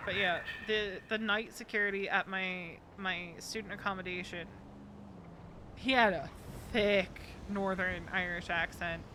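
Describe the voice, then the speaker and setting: A woman's voice: medium pitch, steady tone, a little slow, sharp tone. A woman from New Jersey streaming a game, chatting casually and rambling with frequent ums. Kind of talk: casual gaming chat. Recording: game sounds and vehicle noise behind. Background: game ambience and vehicle sounds.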